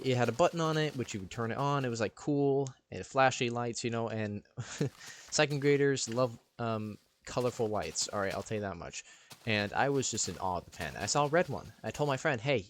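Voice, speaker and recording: A man casually telling stories over gameplay commentary, rambling and playful, in a recording with background hiss. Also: mid-range voice. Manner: rambling, lots of fillers and restarts, playful. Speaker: channel host.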